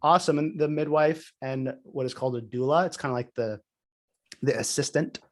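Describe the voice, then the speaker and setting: A man's voice: mid-range voice, a little fast. A man on a podcast, telling a personal story in casual chat, full of "like" fillers. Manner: animated storytelling, many "like" fillers. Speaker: podcast co-host.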